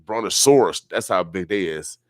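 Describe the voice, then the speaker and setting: A man's voice: deep voice, lively intonation, moderate pace, no room sound. A middle-aged man hosting a morning radio show, chatting casually and rambling with repeated catchphrases in a studio. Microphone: studio microphone.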